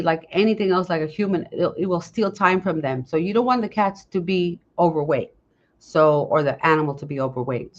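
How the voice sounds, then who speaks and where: Through lo-fi sound, a woman with a lowish voice runs a casual, unscripted podcast. Earnest and direct, she questions her listeners and keeps abandoning sentences to begin them again.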